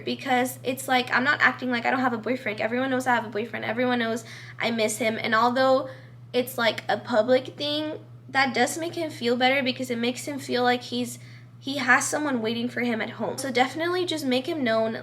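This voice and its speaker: A young woman talks straight to her camera, giving friendly advice in a casual, chatty way. Her voice sits high, and she fills her sentences with "like" and "you know" while staying earnest and encouraging. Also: fairly quick, fairly bright tone, a little hiss or hum.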